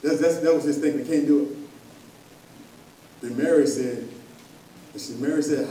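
A man preaching a sermon to a congregation, calling for responses and building to loud emphatic peaks. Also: mid-range voice, steady tone, moderate pace, long pauses, slight background noise. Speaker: pastor. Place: church sanctuary. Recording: echoey church from far off.

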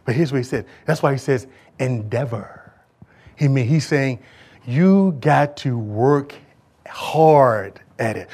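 A middle-aged male pastor preaching a sermon to his congregation, swinging between loud calls and hushed asides. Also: mid-range voice, expressive, normal speed.

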